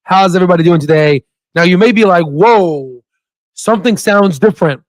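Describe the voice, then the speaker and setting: A man's voice: high voice, normal speed, no room sound, clean studio sound. A man hosting his own stock investing channel in a casual, chatty way, often repeating himself and laughing easily into a new desk microphone. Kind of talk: casual livestream chat.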